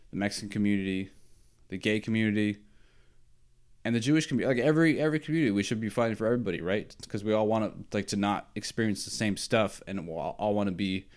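A man hosting a sports podcast, talking in a casual, opinionated and rambling way, often tagging his points with "right?" and sometimes chuckling at himself. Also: lowish voice. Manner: animated, rambling, frequent "right?" and "like".

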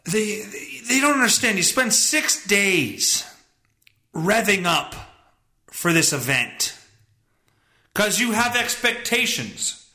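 A man hosting his podcast, ranting casually with lots of profanity and bursts of exasperated shouting. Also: high voice, very animated, slow, pauses often, echoey room. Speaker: podcast host.

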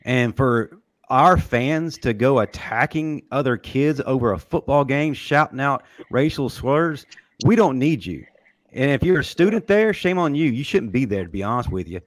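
A man's voice: mid-range voice, animated, moderate pace, no room sound. Male host, sports podcast, firm and direct, mid-range voice, dry sound. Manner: firm and direct, hands the floor to others. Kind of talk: casual sports talk.

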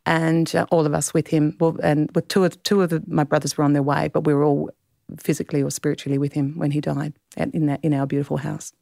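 A middle-aged Australian woman, an author being interviewed, speaking in a heartfelt, halting way with many restarts. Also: deep voice, little pitch movement, gravelly, warm tone, dry recording, clean studio sound. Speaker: author guest. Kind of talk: reflective interview conversation.

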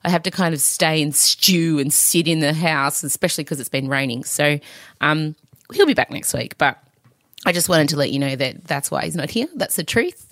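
A woman's voice: low voice, moderate pace, a bit bright, no room sound, studio quality. A tired woman hosting her own podcast, talking frankly and rambling a little, laughing often and getting emotional. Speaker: podcast host. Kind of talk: candid solo podcast chat.

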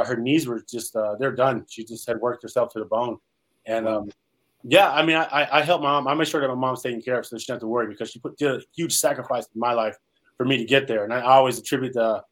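This medium-pitched man, a onetime professional football player hailing from Salinas, California, shares his life's journey in an interview. He comes across as earnest yet rambling, leaning on many fillers, and the audio quality is rough.

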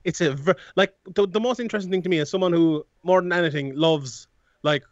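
A man's voice: high voice, fast, dry recording, dull audio. A man, a guest analyst in a casual sports chat, rambling with many restarts and frequent laughs.

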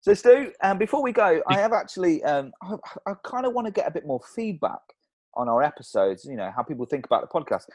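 A man's voice: a little high, big pitch swings, brisk, a little mellow, breathy edge, dry recording. A man co-hosting a podcast in casual chat, rambling and laughing often. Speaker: podcast co-host.

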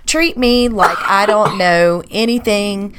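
A woman's voice: mid-range voice, takes it slowly, background noise. A young woman co-hosting a casual podcast, bantering and teasing with lots of filler words and laughter. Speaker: podcast co-host. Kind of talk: casual chat.

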